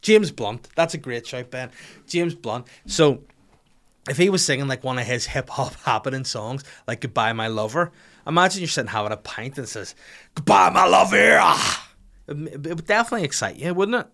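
A man rants for laughs on a podcast, sardonic and full of swearing. His voice sits at an ordinary male pitch. He talks as if to a friend across the table. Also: animated, brisk, fairly bright tone. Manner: sardonic and profane, ranting. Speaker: podcast host. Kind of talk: comedic rant.

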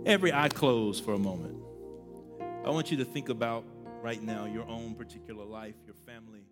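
Pastor preaching in a reverberant church. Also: male voice, fairly low pitch, a little fast, music in the background. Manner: preaching with rising fervor, mimicking whiny congregants. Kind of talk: sermon. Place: church sanctuary.

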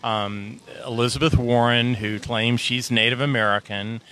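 A man's voice: mid-range voice, steady tone, moderate pace, a bit bright. A man hosting a show, interviewing a campaign volunteer outdoors at a polling site with conversational, leading questions. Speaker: show host. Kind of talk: on-the-street interview.

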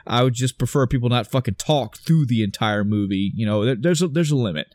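A man in a casual podcast chat recapping a movie scene, excited and profane, acting out his own reactions as he tells it. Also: medium pitch, a little fast, dry recording. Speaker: podcast co-host.

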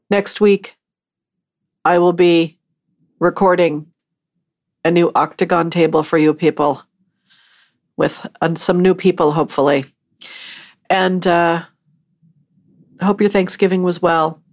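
A woman's voice: on the low side, fairly even intonation, slow, long pauses, a little mellow. A woman hosting her podcast, talking on her own in a rambling, chatty and self-mocking way. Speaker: podcast host. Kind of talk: casual solo podcast monologue.

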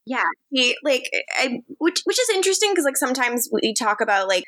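A woman's voice: sits high, big pitch swings, brisk, a bit bright, no room sound. Rambling woman podcaster, dry sound. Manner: rambling, full of fillers and laughs. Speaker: podcast co-host. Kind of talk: casual chat.

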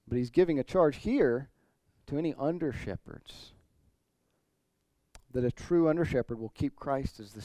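A man's voice: mid-range voice, mellow, dry recording. A man pastor preaching an expository sermon, earnest, building to emphatic points. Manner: earnest preaching, rising emphasis, occasional throat clearing.

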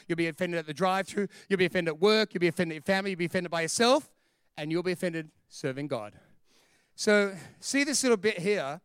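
A man preaching a sermon as a pastor, animated and storytelling, acting out the voices of the people in his stories. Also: high voice, clear, resonant tone, no echo, studio quality.

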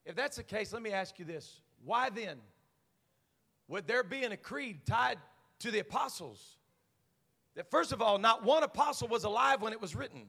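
A man, a senior pastor, preaching a Pentecostal sermon, dropping to quiet asides and then climbing to shouted proclamation. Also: high-pitched, lively intonation, moderate pace, vocal fry, long reverb tail. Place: church sanctuary.

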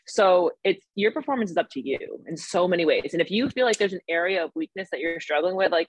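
A woman with a New York accent, a mental performance coach explaining things step by step in an energetic podcast interview. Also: fairly low pitch, quick pace, few pauses, no echo. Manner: energetic, explains in steps with examples.

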